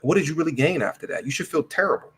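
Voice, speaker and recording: A man hosting a casual livestream chat, talking in slang with an animated, joking manner. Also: fairly high pitch, rapid-fire. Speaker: livestream host.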